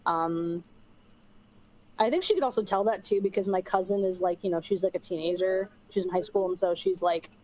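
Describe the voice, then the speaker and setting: A woman's voice: on the low side, fairly quick, a little mellow, slight background noise, low-quality recording. A young woman streamer rambling in casual chat while gaming, swearing offhand and using lots of fillers.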